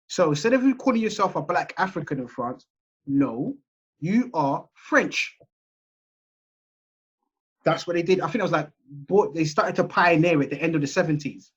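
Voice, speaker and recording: A man's voice: a little high, husky. A man with an English accent giving a seminar lecture over a video call, in a chatty, conversational way that keeps checking in with his listeners. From England. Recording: muffled video call audio.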